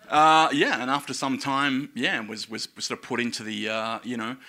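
Animated man with a bright voice. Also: mid-range voice, a little slow. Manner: animated, profane, self-mocking with laughs. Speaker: storyteller. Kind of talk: personal story told casually.

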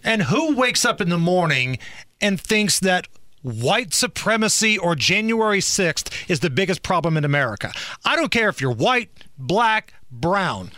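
Bright, high-voiced sarcastic male host. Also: sing-song, measured pace, no echo. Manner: sarcastic, mocking. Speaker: talk show co-host. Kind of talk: opinionated political commentary.

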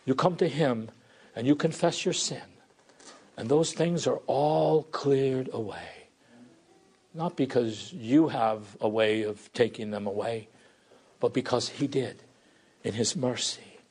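Slow, earnest preaching man. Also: mid-range voice, a little mellow, breathy edge. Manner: earnest, pleading, voices prayers and God's replies. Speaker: pastor. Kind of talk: sermon.

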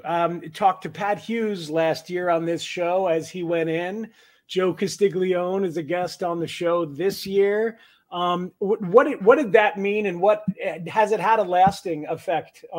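A man hosting an interview, chatty and filler-heavy as he asks questions. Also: high-pitched. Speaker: interview host. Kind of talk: conversational interview.

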